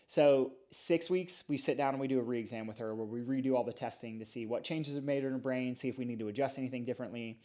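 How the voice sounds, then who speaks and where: Animated middle-aged man telling stories. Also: mid-range voice, fast talker, hardly any pauses. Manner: animated storytelling, lively explanations. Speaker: chiropractor guest. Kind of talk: casual podcast interview.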